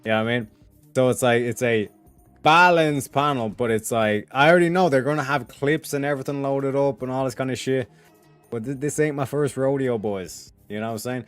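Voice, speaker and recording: A man's voice: mid-range voice, a little fast, clean tone, no room sound, faint music behind. A man chatting casually on a livestream, rambling and swearing, with a lot of filler phrases, talking to his viewers from a home setup. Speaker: streamer.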